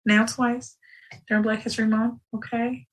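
A woman hosting a live show in casual livestream talk, animated and digressive, with sudden outbursts. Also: on the high side, moderate pace, recorded from a distance, poor audio.

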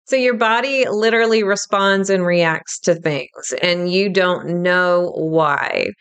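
A middle-aged woman teaching about intuition in a casual, animated monologue, laughing easily and acting out quoted thoughts. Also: fairly low pitch, slow, clean tone.

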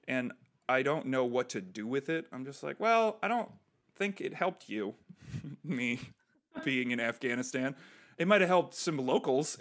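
A comedian and veteran from the United States talks in a bright, forceful voice. He tells his stories with energy and acts out the lines of the people in them. The whole thing has the easy feel of a casual podcast chat. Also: mid-range voice. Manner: animated storyteller who acts out other people's lines.

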